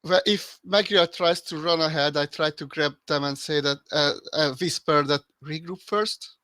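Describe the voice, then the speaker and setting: Guy player, bright tense voice, stumbly and urgent, dry close sound. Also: a little high, steady tone, moderate pace, dry recording. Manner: urgent, stumbling, swears freely. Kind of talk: casual tabletop play.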